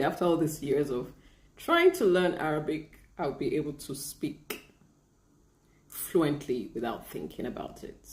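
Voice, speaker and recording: A woman chatting casually on a live stream, reading viewer comments, laughing often and trying out halting Arabic phrases. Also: low voice, warm tone, echoey room. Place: lives in Bahrain.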